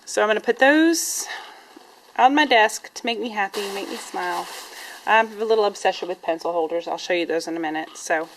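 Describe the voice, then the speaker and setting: A woman's voice: medium pitch, brisk, a little hiss or hum, low-quality recording. A woman teacher, chatting casually in a classroom vlog, rambling with lots of "um"s and "y'all"s, a little sniffly. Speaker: primary teacher vlogger.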